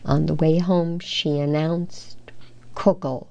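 A woman reading a children's storybook aloud in an unhurried, careful way. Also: low voice, gravelly, a little mellow, highs cut off. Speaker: storybook reader.

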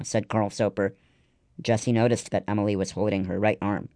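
A man reading a children's story aloud in steady scripted narration. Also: lowish voice, fairly quick, dry recording, studio quality. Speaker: audiobook narrator.

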